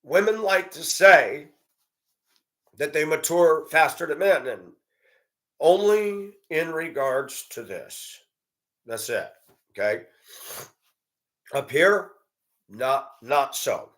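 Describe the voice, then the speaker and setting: A man's voice: a little high, lively intonation, slow pace, pauses often, fairly bright tone. A man giving a blunt, profane, indignant monologue and telling a story about a run-in. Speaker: commentator. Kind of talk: ranting monologue.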